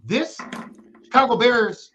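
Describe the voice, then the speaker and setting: A high-pitched man talking football on a podcast with a hyped, teasing energy. The audio sounds dull and lo-fi. He sounds like he's in his thirties. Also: takes it slowly, fairly bright tone, slight background noise. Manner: hyped, playful trash talk. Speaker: podcast co-host. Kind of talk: casual sports talk.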